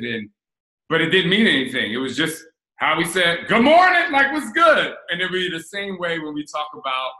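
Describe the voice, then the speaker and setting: On a rough, reverberant recording, a mid-range male voice belongs to a forties-aged host from New Jersey. He candidly and animatedly recounts stories about his relationship during a casual chat.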